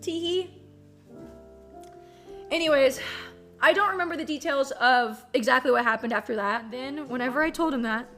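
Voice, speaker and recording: A young woman streamer telling a story in a casual, animated and profane way, full of "like". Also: high voice, a little slow, long pauses, soft background music.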